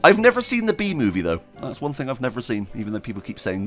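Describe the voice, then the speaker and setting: A man commenting as he plays a video game, chatty and excitable, often squealing with delight. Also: mid-range voice, a little fast, soft background music. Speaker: gaming video host. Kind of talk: let's play commentary.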